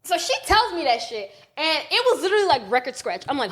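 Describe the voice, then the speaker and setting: High-voiced, blunt, swearing woman in her late twenties. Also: very animated, quick pace, hardly any pauses, fairly bright tone. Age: late 20s. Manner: blunt, profane, heated storytelling. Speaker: podcast co-host. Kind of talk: casual storytelling chat. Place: podcast studio.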